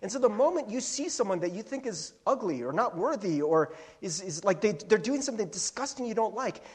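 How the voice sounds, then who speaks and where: With a high, somewhat husky voice and a brisk pace, a male pastor preaches by storytelling, adding animated asides and chuckling along the way.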